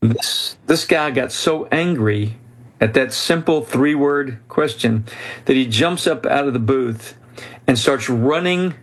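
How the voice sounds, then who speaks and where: A man's voice: medium pitch, slow pace. A man telling a story as a guest in an interview, speaking earnestly and with animation, often restarting his sentences. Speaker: author and guest.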